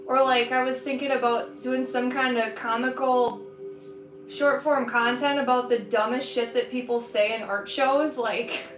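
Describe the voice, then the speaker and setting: Woman, streamer, casual chatty delivery with a high voice, in a roomy space with faint music underneath. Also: fairly even intonation, a little slow, a bit bright. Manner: chatty, rambling, laughs often. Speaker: livestreaming artist. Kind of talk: casual chat while painting. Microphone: streaming setup.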